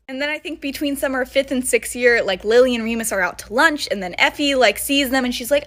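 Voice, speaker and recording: A woman's voice: on the high side, fast, hardly any pauses, fairly bright tone. A young woman casually telling a story, chatty and full of fillers, laughing between points. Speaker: fan video creator.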